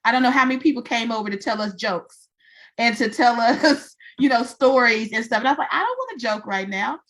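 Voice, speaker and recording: Animated woman telling a story. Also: a little high, fairly quick. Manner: animated storyteller, acts out quotes. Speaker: podcast co-host. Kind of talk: casual faith-based chat.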